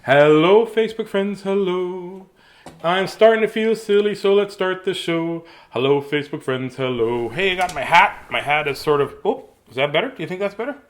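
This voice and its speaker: A man hosting a casual live video stream before bedtime story reading, greeting viewers by name in a playful, sing-song way. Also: on the high side. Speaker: host reading bedtime stories to kids.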